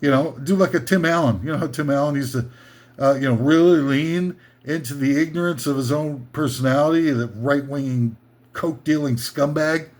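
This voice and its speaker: A man's voice: a little high, normal speed, darkish tone. A man hosting a comedy list show, delivering a rambling sarcastic rant full of "you know" and "uh" fillers.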